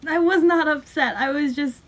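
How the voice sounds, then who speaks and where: A woman's voice: high-pitched, moderate pace. Young woman host, giggly, chatty storyteller. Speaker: channel host. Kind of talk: casual chat.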